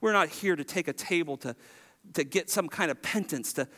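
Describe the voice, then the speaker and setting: A man with a high voice preaches a sermon to his congregation. He is animated and acts out the lines he quotes. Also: moderate pace. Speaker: pastor.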